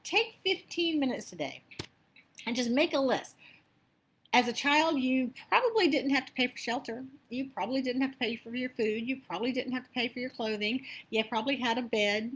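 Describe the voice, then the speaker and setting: Speaking fairly high and a little fast, this abundance coach delivers a spiritual, motivational talk. Her style is chatty and animated, with stories and frequent asides.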